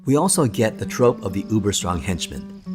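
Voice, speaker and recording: A man narrating a film documentary in a steady, enthusiastic storytelling manner. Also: fairly low pitch, moderate pace, over music. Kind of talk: scripted narration.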